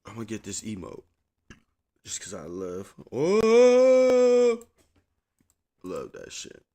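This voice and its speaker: A man's voice: deep voice, big pitch swings, normal speed, creaky, breathy edge. A man streaming a game, chatting to his viewers in a rambling, profane, laid-back way. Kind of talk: casual live-stream chat.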